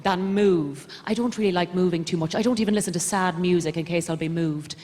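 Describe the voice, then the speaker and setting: A young Irish woman performing stand-up comedy on a theatre stage, rambling in a deadpan, self-deprecating way. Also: lowish voice, brisk. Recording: reverberant live theatre recording. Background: audience laughter.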